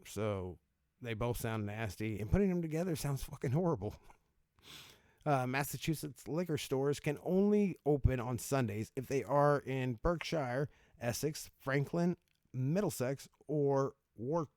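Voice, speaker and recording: A man's voice: mid-range voice, a little mellow, no echo, clean studio sound. Casual, cussing man reading out laws. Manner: casual, swearing, laughing, stumbling over words. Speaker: video host.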